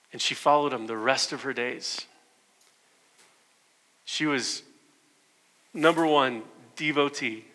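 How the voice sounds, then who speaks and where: A man preaching a sermon as pastor, earnest, swinging between loud emphasis and soft hushed lines. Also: fairly high pitch. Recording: long hall reverb.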